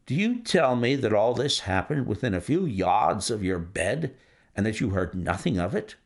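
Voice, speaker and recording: Man voicing a composed gentleman sleuth, dry and exact, gravelly low tone with lively rises. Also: exaggerated voice. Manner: measured, dry and self-assured. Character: cool, precise gentleman detective, adult male.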